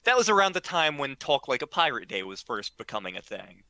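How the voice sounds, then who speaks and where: A man's voice: medium pitch, very animated, sharp tone, no room sound. A man telling a casual story, full of ums and restarts and acting out what people said. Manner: halting, full of ums and restarts, acts out quoted lines.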